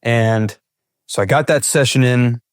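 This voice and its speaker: He's a young man from California who surfs big waves, and here he recounts his experiences as a podcast interview guest, dramatizing his own thoughts along the way. His mid-range voice is unhurried, captured in a dry, studio-quality recording.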